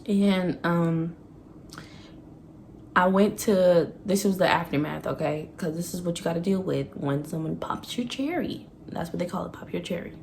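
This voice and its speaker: A woman's voice: lowish voice, normal speed, gravelly, a little mellow, slight background noise. Profane, candid young woman vlogger. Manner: candid and profane, laughing often, acting out her past self. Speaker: vlogger telling a story. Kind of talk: casual storytime.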